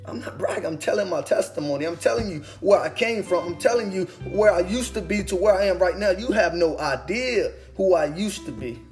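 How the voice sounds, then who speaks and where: A young man gives an inspirational testimony talk as a motivational speaker, with an earnest, preaching cadence that repeats phrases. He is emotional and holding back tears. His high, expressive voice is brisk with few pauses, over faint, soft guitar music.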